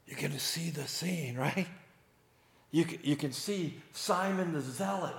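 A male preacher giving a sermon, telling the scene in an animated way and acting out its people. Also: fairly high pitch, measured pace, creaky. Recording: echoey room.

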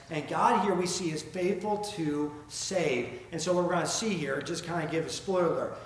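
A Southern pastor preaches with earnest conviction, moving from rhetorical questions to scripture read aloud. His voice sits a little high for a man. The sound rings around a very echoey room with faint noise beneath it. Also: normal speed, hardly any pauses. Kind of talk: sermon.

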